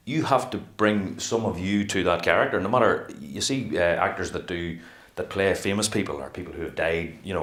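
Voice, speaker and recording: A middle-aged man, an actor being interviewed, talking in a casual, animated way and acting out what he would say. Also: low-pitched. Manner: animated, rambling, acts out quotes. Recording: echoey room.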